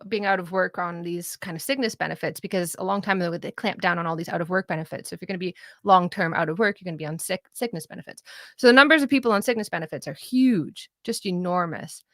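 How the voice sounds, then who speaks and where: Woman commentator, bright close voice, animated and laughing, mimics others. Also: on the low side, no room sound. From Canada. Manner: animated, laughs often, mimics people she describes. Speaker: political commentator. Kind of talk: casual political discussion.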